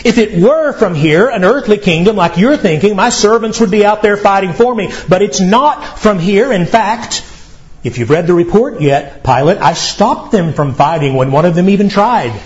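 A man voicing a calm, firm prisoner-king. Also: high-pitched, normal speed, muffled recording, voice pushed up.

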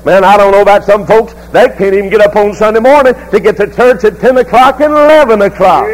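A middle-aged man, a pastor preaching a sermon that rises into loud, fervent passages. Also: high-pitched, quick pace, slight background noise, poor audio.

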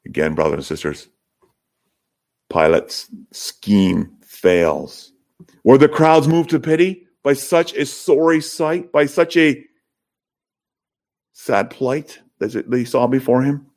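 A man's voice: mid-range voice, animated, slow pace, darkish tone. A man preaching an expository sermon to his congregation, building to emphatic peaks. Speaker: pastor.

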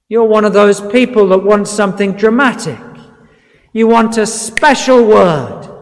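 Male preacher, high voice, slow earnest delivery, reverberant church hall. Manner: earnest, pleading, repeats words for emphasis. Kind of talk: sermon.

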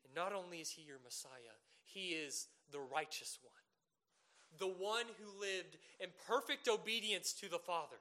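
Bright, high-voiced man preaching a sermon. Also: a little slow. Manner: earnest, rising to emphatic peaks with rhetorical questions.

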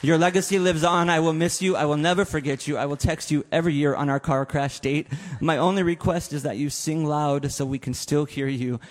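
A man's voice: on the high side, fairly even intonation, brisk, hardly any pauses. A man in his forties giving a funeral eulogy, telling stories with laughs and asides. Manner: warm storytelling with laughs and asides. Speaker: eulogy speaker. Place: chapel. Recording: long hall reverb in a chapel.

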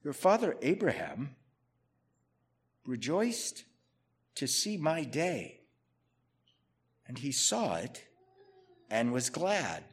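A man preaching a sermon, reading scripture out loud and then unpacking it in plain, conversational speech. His volume swings from strong emphatic lines down to quiet, almost muttered asides. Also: mid-range voice, sing-song, very slow, pauses often. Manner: reads scripture aloud, then explains it conversationally. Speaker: pastor.

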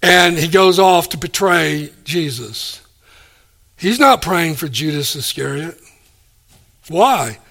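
A man preaching a sermon, animated, acting out the people he quotes and chuckling between points. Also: a little high, slow pace, gravelly, pauses often. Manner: animated, acts out quoted speakers.

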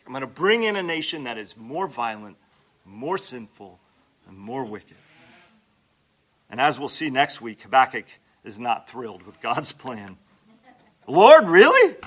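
A male pastor preaching a sermon in an animated way, acting out prayers and dropping humorous asides. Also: medium pitch.

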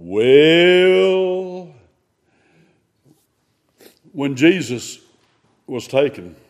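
A man preaches an unhurried sermon. His slightly raised voice is folksy and conversational. He swings from loud emphasis to hushed asides. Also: a little high, animated.

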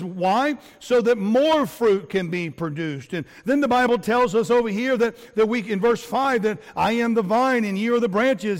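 High-voiced pastor preaching in a reverberant church. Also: male voice. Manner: earnest preaching with repetitions and fillers. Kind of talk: sermon. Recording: long hall reverb.

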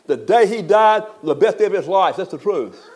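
A man's voice: high voice, expressive, normal speed, darkish tone. An older man, a pastor preaching a folksy funeral sermon that swells to emphatic peaks.

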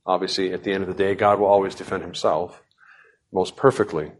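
A man as pastor, preaching a sermon with prayers and a scripture reading in a measured way. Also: low voice, little pitch movement.

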